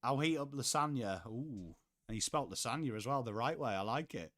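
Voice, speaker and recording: A man's voice: mid-range voice, lively intonation, normal speed, fairly bright tone. A young man from England, chatting casually on a live sports watchalong, reading out viewers' messages and swearing offhandedly. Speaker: livestream host.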